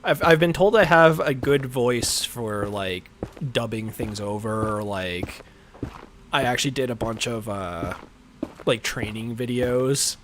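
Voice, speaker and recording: A man with a deep voice chatting casually while he plays a game on a livestream, rambling and filler-heavy, often chuckling. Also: a little slow, fairly bright tone, a little hiss or hum. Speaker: livestream gamer. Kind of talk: casual gameplay chat.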